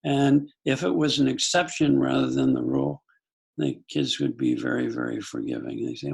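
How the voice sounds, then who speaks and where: Gravelly older man telling stories. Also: medium pitch, animated, moderate pace, darkish tone. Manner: thoughtful, anecdotal, frequent restarts. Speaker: psychologist guest. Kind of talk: reflective conversational storytelling.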